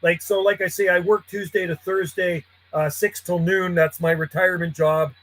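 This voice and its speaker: A man in his 50s, friendly and chatty, calls out call signs from his home radio room as a CB radio operator. His voice sits high and a bit bright, with a level tone and normal speed, on a rough recording of casual radio calls and chat.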